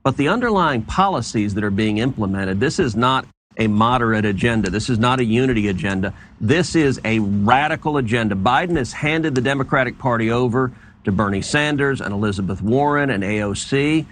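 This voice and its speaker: A man's voice: medium pitch, expressive, fairly quick, a bit bright, a little hiss or hum. A man making a political argument in an emphatic, repetitive way during a TV interview. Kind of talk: political talking points.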